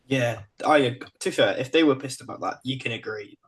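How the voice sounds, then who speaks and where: A man's voice: medium pitch, brisk, breathy edge. A man co-hosting a wrestling podcast, laid-back and teasing, laughing often. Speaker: podcast co-host. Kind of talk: casual wrestling review chat.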